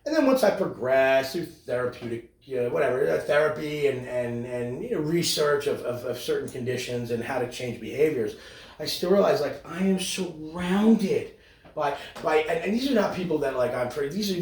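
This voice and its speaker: A man's voice: fairly high pitch, expressive, normal speed, darkish tone. A man co-hosting a podcast, ranting in casual, profane, sarcastic chat. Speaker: podcast co-host. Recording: roomy, distant mic.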